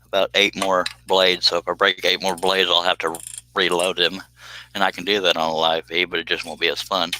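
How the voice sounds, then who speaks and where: Deep-voiced man chatting on a stream. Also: little pitch movement, brisk, sharp tone, low-quality recording. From United States. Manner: chatty, laughs often, reads viewer comments aloud. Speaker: woodworking live streamer. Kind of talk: casual live stream chat while working.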